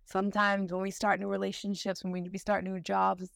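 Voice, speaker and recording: A young woman hosts a motivational podcast in a sisterly way, full of slang and emphatic encouragement. Her voice sits at a medium pitch. The recording is dry and close, with almost no room sound. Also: monotone, a little fast, gravelly, hardly any pauses, a bit bright, dry recording. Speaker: podcast host.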